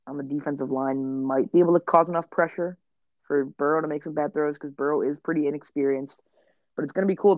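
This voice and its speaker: A man's voice: fairly high pitch, no echo, lo-fi sound. A young man co-hosting a casual sports podcast, brash and joking, swearing freely. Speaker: podcast co-host.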